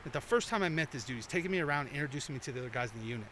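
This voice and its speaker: Very fast and expressive, this man's slightly high, somewhat bright voice carries long, profane podcast anecdotes full of quoted voices. He's a guest doing casual storytelling on headphones and a studio mic, with slight background noise.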